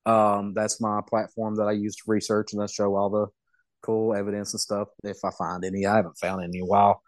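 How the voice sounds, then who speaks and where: Guy rambling thru a story, low voice, folksy, dry sound. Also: level tone, brisk, dry recording. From Southeast Kentucky. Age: middle-aged. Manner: folksy, rambling, self-amused. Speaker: podcast guest. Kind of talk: casual storytelling.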